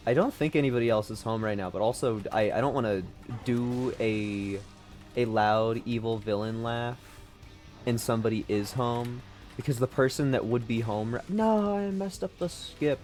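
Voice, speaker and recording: A man with a lowish, slightly mellow voice streams a video game from home. His casual commentary rambles, pokes fun at himself, and is full of swearing.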